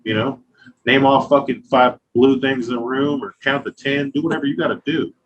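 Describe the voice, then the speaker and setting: A man's voice: mid-range voice, a little fast, muffled recording. A man in his thirties, a glass artist, talking casually and profanely in an interview, telling stories with lots of filler phrases. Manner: profane, loose, storytelling with acted quotes.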